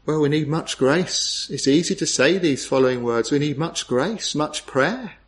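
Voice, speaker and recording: Brief: male preacher, slightly high voice, earnest and pleading, full of rhetorical questions. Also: animated, moderate pace. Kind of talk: sermon.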